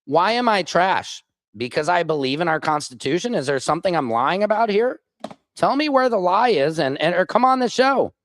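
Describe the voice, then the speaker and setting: Profane American male stream host, lively swooping delivery, heated political rant, reads chat aloud. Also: sits high, moderate pace, a little hiss or hum. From United States. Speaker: livestream host.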